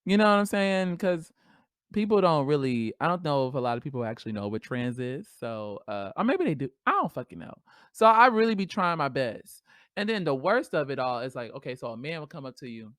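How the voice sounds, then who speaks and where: A woman hosting a podcast solo, talking in a casual, animated, slangy way and laughing often. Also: very deep voice, brisk, no echo, clean studio sound. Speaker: podcast host.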